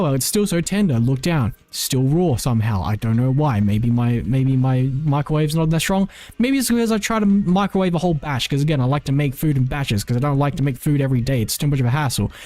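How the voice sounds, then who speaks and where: A man's voice: medium pitch, lively intonation, fairly quick, warm tone, no echo. A man streaming and chatting casually, rambling with lots of "like" and frequent self-corrections. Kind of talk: casual live-stream chat.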